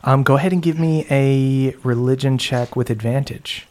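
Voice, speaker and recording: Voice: mid-range voice, steady tone, normal speed, darkish tone, a little hiss or hum. Game master narrating with many ums. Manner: lots of ums, playful, laughs easily.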